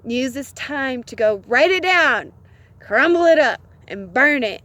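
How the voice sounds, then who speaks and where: A woman's voice: sits high, lively intonation, a little slow, sharp tone. A woman giving relationship advice in a casual vlog, earnest and laughing often between phrases. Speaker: vlogger.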